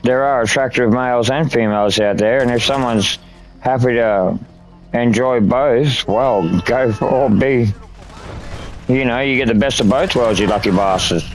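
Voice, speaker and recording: Australian male gamer, young, crude running commentary, swears a lot, mid-pitched. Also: moderate pace, faint music behind. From Northern Territory, Australia. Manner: crude, swears freely, rambling asides. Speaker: gaming streamer. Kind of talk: casual gameplay commentary.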